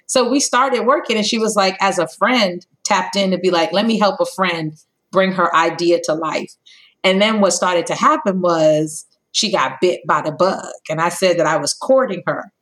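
Speaking at a moderate pace over poor audio, this thirty-something co-founder recounts her company's story on a podcast. She is animated, performing snippets of dialogue with big leaps in pitch.

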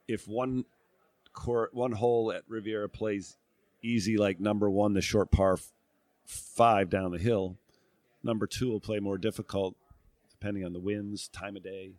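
A middle-aged man from New England speaks as an interview guest. His voice sits fairly low and he thinks aloud, restarting phrases and filling gaps with "uh" and "um". The sound is dry and close. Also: a little mellow, no echo. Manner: reflective, thinks aloud with frequent fillers and restarts. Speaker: guest, former tour golfer and broadcast analyst. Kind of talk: casual interview talk.

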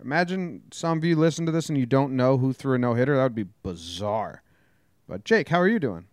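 A man's voice: a little high, expressive, quick pace, clean tone, no room sound, studio quality. A man hosting a casual sports podcast, talking bluntly and grumpily, with some swearing. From New Jersey. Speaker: podcast host.

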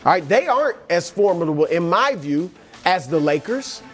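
An animated man whose voice swings widely up and down as he hypes players one by one, like a pep talk. He co-hosts a sports talk show with a soft music bed behind him. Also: high-pitched, moderate pace. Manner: animated, hyped motivational delivery addressed to players. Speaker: co-host.

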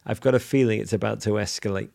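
Gravelly effusive English man. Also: lowish voice, steady tone, quick pace, darkish tone. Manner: effusive, rambling storyteller with many restarts. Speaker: podcast co-host. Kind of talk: casual podcast chat.

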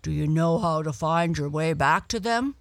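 A woman's voice: sits low, moderate pace, no echo. A woman voicing Don, a kind talkative dog. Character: friendly kind male dog, talkative and warm-hearted.

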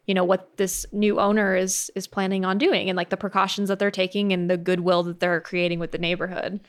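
A woman's voice: mid-range voice, level tone, a little fast, clear, resonant tone. A woman co-hosting a casual discussion, summing up points in a conversational way.

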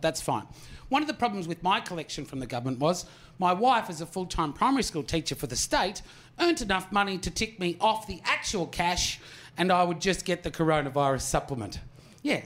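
A man's voice: fairly high pitch, a bit bright. An Australian man in his forties doing a stand-up comedy routine, telling a story loosely, swearing and throwing asides to the audience. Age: 40s.

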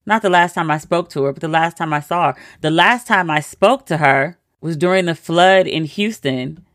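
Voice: medium pitch, moderate pace, a bit bright, no echo, studio quality. A host telling a personal story in a casual monologue, with wry, incredulous asides.

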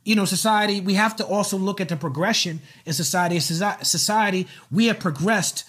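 Dude hosting the interview, pretty high voice, calm and thinking it through. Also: male voice, a little fast. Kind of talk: casual interview talk.

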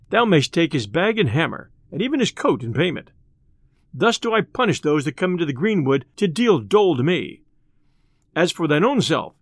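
A man's voice: fairly high pitch, no echo, studio quality. A man doing a sly, mocking outlaw. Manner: mocking, measured old-fashioned speech. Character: sly, jesting male outlaw, confident.

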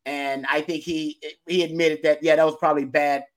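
A man co-hosting a football podcast, talking in an emphatic, animated way and laughing easily. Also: a little high, moderate pace. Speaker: podcast co-host, football analyst. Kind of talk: casual sports talk.

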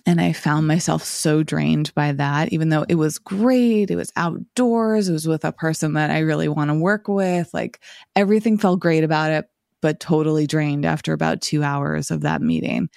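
Woman, podcast host, casual solo reflection, tired, slightly scratchy, gravelly fry, dry close sound. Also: deep voice, steady tone, moderate pace, a little mellow, no room sound. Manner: rambling, reflective, many filler "like"s.

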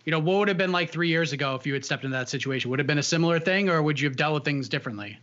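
A man's voice: a little high, racing, fairly bright tone. A man interviewing a fighter, recapping events in a chatty way before asking long questions. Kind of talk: casual interview. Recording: dull lo-fi sound.

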